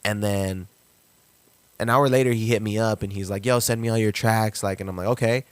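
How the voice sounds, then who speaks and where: A young man telling a story on a podcast, lively, leaping up in pitch when he acts out quotes. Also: a little fast, clean tone, dry recording. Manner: animated, jumps pitch to act out quotes. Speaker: podcast guest, rapper. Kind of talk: casual storytelling.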